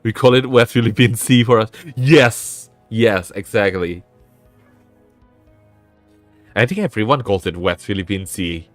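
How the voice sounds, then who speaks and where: A man's voice: fairly low pitch, moderate pace, no echo, soft background music. A man with a sore throat, hosting a casual live stream, rambling and often interrupting himself. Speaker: VTuber streamer and host.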